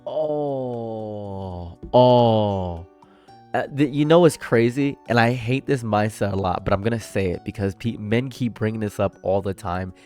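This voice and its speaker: Male reaction streamer, lowish voice, animated ranting commentary, faint background music. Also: a little fast, few pauses. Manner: animated, ranting, swings from loud outbursts to low murmurs. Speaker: reaction streamer reading a forum story. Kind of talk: casual commentary.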